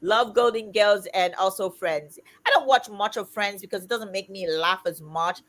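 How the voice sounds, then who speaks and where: A woman in her fifties hosting a casual livestream chat, talking loudly and emphatically. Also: medium pitch, normal speed. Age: 50s. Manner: loud, emphatic and outspoken. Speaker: livestream host.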